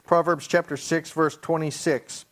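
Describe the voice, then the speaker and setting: A man, a pastor, teaching a Bible study, reading scripture slowly and explaining it in plain, everyday talk. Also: on the high side, level tone, fairly bright tone. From Hawaii.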